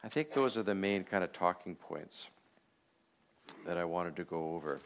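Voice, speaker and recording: A man teaching a class, leading a guided meditation on a Bible passage in a reflective, unhurried way with frequent filler pauses. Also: sits low, a little hiss or hum.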